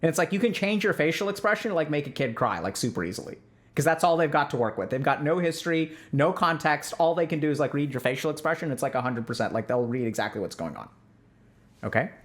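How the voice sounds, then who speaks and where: A fast-talking man with a fairly high, animated voice offers parenting advice as a clinician. His style is casual and conversational, heavy on "like" and "right?" check-ins, and he gets sarcastic when mocking strict views.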